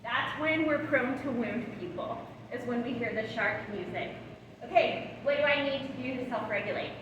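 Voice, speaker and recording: An animated woman in her thirties leads a parenting training, with a high voice that keeps checking in with her listeners. She is picked up from a distance in a big, reverberant hall. A steady background noise sits under her voice. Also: moderate pace, muffled recording. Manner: animated, checks in with the audience often. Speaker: parenting educator. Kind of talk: live training talk to caregivers.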